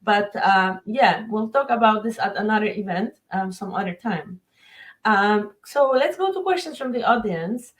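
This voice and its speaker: A woman's voice: mid-range voice, lively intonation, normal speed, poor audio. A woman moderating an online panel over a video call, friendly and a little rambling.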